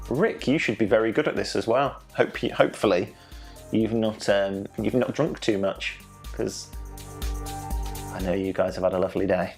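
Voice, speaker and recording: A man's voice: fairly low pitch, moderate pace, soft background music. A young man hosting an online quiz from home, playful and jokey, stumbling over foreign names. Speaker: quiz host.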